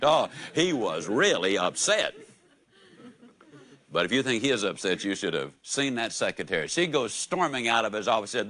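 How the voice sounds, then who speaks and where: Animated male motivational storyteller. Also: moderate pace. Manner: animated storyteller with big swings in pitch and loudness. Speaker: motivational speaker.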